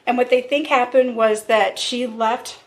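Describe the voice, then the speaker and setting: A woman's voice: on the high side, steady tone, unhurried. A woman casually recounting a true crime case as a podcast co-host, acting out the quotes of the people involved. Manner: storyteller, acts out quotes with fillers.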